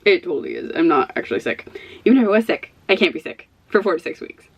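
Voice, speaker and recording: A stressed book vlogger rambles to her camera from her own office, full of loose, self-deprecating asides and small laughs. Her voice is on the low side and husky, very animated, and she talks fast.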